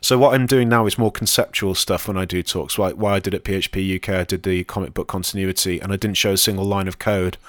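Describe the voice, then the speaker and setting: A man talking casually on a podcast, rambling and self-deprecating, with lots of ums. His voice sits fairly low, and the recording is close and dry with no room sound. He talks easily, as if among friends. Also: steady tone, fast, few pauses, fairly bright tone, no room sound. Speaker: podcast co-host and conference speaker.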